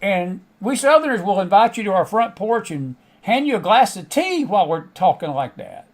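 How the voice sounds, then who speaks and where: A middle-aged man with a Southern American twang hosts his show in a folksy, rambling way. His voice sits notably high for a man. He chats to his audience like old friends. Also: sing-song, normal speed. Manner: folksy, chatty, frequent laughs and asides. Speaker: host. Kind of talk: casual monologue to a live online audience.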